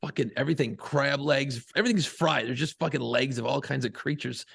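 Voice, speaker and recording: A man's voice: medium pitch, fairly quick, gravelly, fairly bright tone, breathy edge. A man from Buffalo, New York, co-hosting a podcast in casual, profane, rambling banter. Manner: profane, rambling, laughs often. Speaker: podcast co-host.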